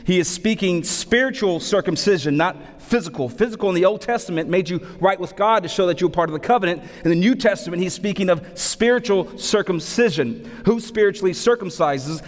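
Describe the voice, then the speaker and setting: A man in his thirties, a pastor preaching a sermon, animated and repeating key phrases for emphasis between humorous stories. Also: sits high, a little fast, few pauses. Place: church sanctuary. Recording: long hall reverb.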